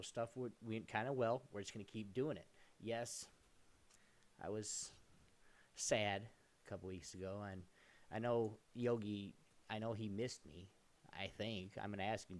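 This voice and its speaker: A man co-hosting a live gaming stream show, rambling through plugs in a loose, casual way with restarts. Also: fairly low pitch. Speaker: podcast co-host.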